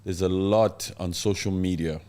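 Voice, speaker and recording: A man with a very low voice hosts a casual live-stream chat. He talks conversationally and explains things to his co-host at an easy pace. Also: fairly even intonation, a little slow, mellow. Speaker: podcast host.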